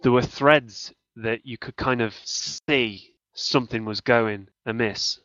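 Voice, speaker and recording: A podcast panelist chats casually about video games in a medium-pitched, bright, forceful voice, speaking slowly. He's hesitant and keeps restarting his sentences mid-thought as he works toward his point. The audio is dull, dry and lo-fi.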